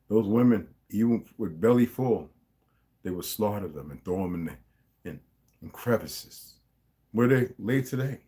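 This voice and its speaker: Low-voiced man reading aloud with asides. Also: warm tone. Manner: rambling, stops to comment and correct himself. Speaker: livestream host reading a novel aloud. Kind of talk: casual read-aloud with commentary.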